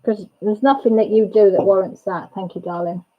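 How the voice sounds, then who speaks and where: A woman's voice: medium pitch, fairly even intonation, fairly quick. A woman hosting a casual livestream chat, greeting viewers by name and chatting with her family off-camera. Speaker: livestream host and mother. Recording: dull lo-fi audio.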